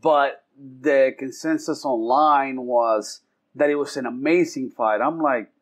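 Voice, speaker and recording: A man's voice: mid-range voice, a little slow. A man co-hosting a casual podcast, mostly reacting, asking questions, then giving his opinion. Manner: short reactions, asks questions, gives opinions. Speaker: podcast co-host. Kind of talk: casual chat.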